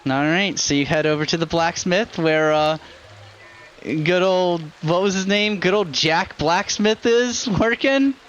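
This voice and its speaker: A man narrating as the game master of a tabletop campaign, in a casual, relaxed way. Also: sits high, unhurried, muffled recording, slight background noise. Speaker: dungeon master.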